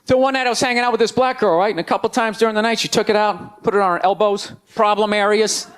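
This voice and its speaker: A man in his forties doing a stand-up routine on stage, ranting loudly and sarcastically. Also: high voice, steady tone, fast talker. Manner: loud ranting delivery, sarcastic. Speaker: stand-up comedian. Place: comedy stage before a live audience. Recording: live show with crowd laughter.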